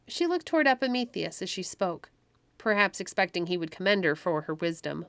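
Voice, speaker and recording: A woman narrating a classic children's story aloud, gentle and expressive. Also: on the low side, brisk, no echo.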